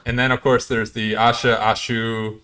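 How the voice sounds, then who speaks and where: A man's voice: medium pitch, flat delivery, normal speed, sharp tone. A man co-hosting a casual podcast, chatty and laughing often as he talks. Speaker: podcast co-host.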